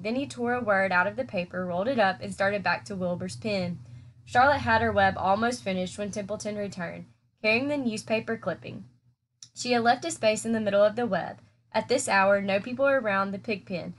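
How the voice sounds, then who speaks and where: A woman teacher reading a children's chapter book aloud in a steady, clear storytelling manner. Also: medium pitch, a little fast.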